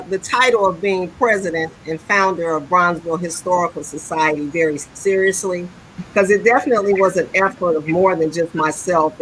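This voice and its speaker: A woman guest speaks over a video call about the work she leads. Her voice sits fairly low, and she sounds earnest and measured. A faint background hiss is heard. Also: fairly bright tone, rough recording. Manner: earnest, measured, with some restarts. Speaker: guest, historical society president. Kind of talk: guest speaking on a live stream.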